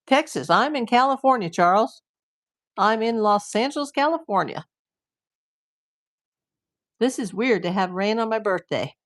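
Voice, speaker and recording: A chatty woman hosting a live stream from home, talking to her viewers in a loose, rambling way. Her voice sits a little high, and she fills her talk with "like" as she goes from one thing to the next. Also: lively intonation, measured pace, pauses often.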